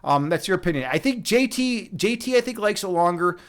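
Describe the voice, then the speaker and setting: A young man whose voice sits high and smooth, with lively intonation and a slightly fast pace, hosts a casual livestream. Also a meditation instructor, he chats with viewers in a rambling, joking, absurdist style loaded with fillers and restarts.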